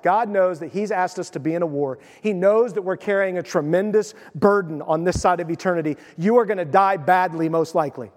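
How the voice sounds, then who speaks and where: A man preaching with a high, lively voice that rings out in a long reverberant hall. He reads scripture and slips into quick, playful voices for the figures in the story, then drops low and quiet for the serious points. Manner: animated, acts out voices of biblical figures. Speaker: pastor. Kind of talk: sermon.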